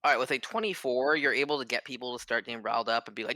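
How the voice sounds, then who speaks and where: Bright-sounding guy running a tabletop game, casual, lots of fillers, dry mic. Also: mid-range voice, racing, no room sound. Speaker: game master.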